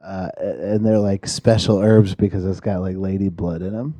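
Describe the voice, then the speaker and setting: A man's voice: sits low, steady tone, normal speed, mellow, no room sound. A man, telling stories in casual chat and swearing freely. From Georgia, USA. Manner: laid-back storyteller, swears freely.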